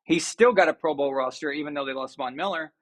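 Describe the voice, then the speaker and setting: A man's voice: fairly high pitch, quick pace. A man hosting a sports talk show, ranting and sarcastic. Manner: ranting, sarcastic, mocking impressions. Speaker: show host.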